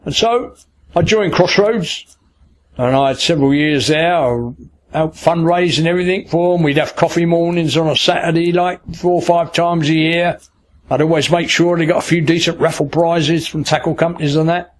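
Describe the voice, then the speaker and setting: A man's voice: on the high side, steady tone, moderate pace. An older man, recounting his life story in an interview in a colloquial, anecdotal way. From England (Kent). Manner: storytelling, acts out past dialogue; colloquial, with frequent "I said" and "like".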